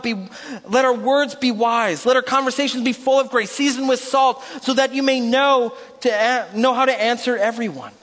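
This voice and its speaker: High, bright-voiced pastor preaching in a reverberant hall. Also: male voice. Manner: rambling, self-deprecating, rises to rousing shouts. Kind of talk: sermon. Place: church hall.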